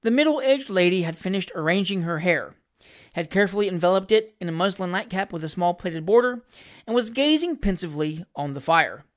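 A woman reading a classic novel aloud as narrator, in a measured, expressive storytelling manner. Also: lowish voice. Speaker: audiobook narrator.

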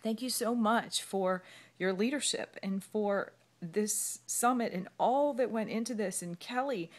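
A woman's voice: medium pitch, unhurried. A woman talking from her bed at home into a phone camera, rambling and emotional as she holds back tears. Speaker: fitness coach. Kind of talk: emotional video message.

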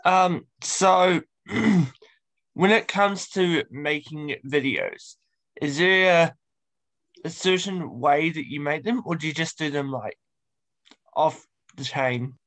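A male podcast host asking casual interview questions in a slow, hesitant way. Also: a little high, fairly bright tone.

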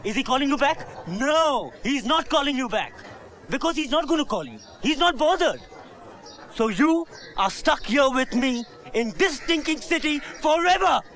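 A man's voice: extremely high pitch, big pitch swings, normal speed, fairly bright tone, exaggerated voice. A bitter son ranting at his mother. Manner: bitter, ranting, repeating himself. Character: bitter young adult son, self-loathing failure. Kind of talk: film drama dialogue.

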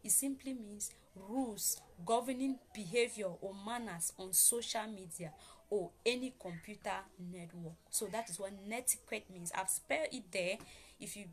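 A woman's voice: medium pitch, moderate pace. A woman hosting a casual spoken lesson on online manners, repeating her points emphatically and explaining them step by step. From Africa. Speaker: host teaching online manners.

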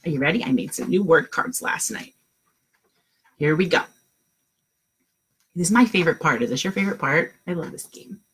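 A woman teaching a phonics lesson to young children, with slow, drawn-out sounds and lots of praise. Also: lowish voice, expressive, fairly bright tone, breathy edge. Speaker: kindergarten teacher.

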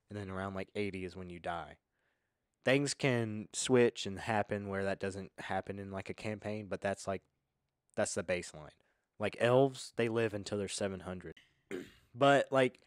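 A man's voice: on the low side, clear, resonant tone, no room sound, studio quality. A man hosting a casual podcast, explaining tabletop game rules in a laid-back, filler-heavy way. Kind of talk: casual chat.

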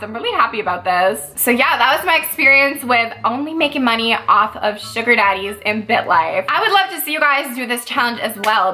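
A woman's voice: on the high side, sharp tone. A woman giving casual, playful commentary on a life-sim game, with dramatic outbursts and frequent swearing.

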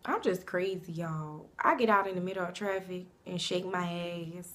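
A young woman in her twenties from Savannah, Georgia, talking brashly and profanely about herself to camera, breaking into loud bursts. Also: lowish voice, normal speed, hardly any pauses. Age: 20s. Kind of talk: casual self-introduction to camera.

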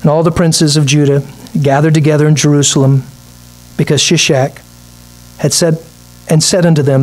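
A man's voice: on the high side, fairly even intonation, normal speed. A man, a pastor preaching a midweek sermon, reading scripture aloud and acting out little asides.

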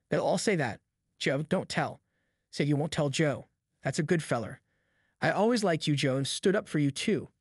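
A man voicing a drunken, frightened rough old backwoods man who pleads in rambling rustic talk, in an audiobook. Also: fairly high pitch, no echo, clean studio sound.

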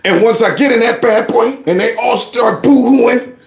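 A man's voice: very high voice, normal speed, vocal fry, echoey room. A man hosting a reaction commentary, laughing and sarcastic as he mocks a clip. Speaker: host.

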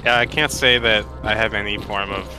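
A man's voice: lowish voice, normal speed, over music. A man chatting casually and joking while playing a co-op shooter with a friend. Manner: joking and excitable. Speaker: co-op gamer. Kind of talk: casual let's-play chat.

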